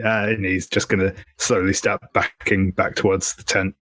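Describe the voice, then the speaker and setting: A man playing a tabletop game, talking quickly and hedging his ideas. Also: low-pitched, level tone, fairly bright tone, no room sound. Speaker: player.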